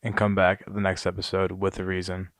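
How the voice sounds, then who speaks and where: A man in his twenties co-hosting a podcast, answering in a calm, reasonable way. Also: low-pitched, brisk, no room sound, clean studio sound. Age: 20s. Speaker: podcast co-host. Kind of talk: casual podcast chat.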